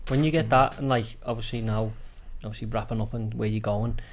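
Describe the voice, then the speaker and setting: A man's voice: on the low side, steady tone, a little fast. Casual male podcast host asking questions. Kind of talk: casual interview chat.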